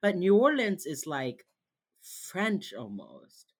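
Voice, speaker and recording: Low lively woman voice, wry podcast recap chat. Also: slow, slightly rough. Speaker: podcast co-host. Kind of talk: casual chat.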